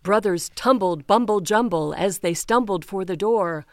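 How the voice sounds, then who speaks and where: A woman reading children's picture books aloud, slow and expressive, giving the characters their own voices. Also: mid-range voice, no echo, clean studio sound. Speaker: children's storytime reader.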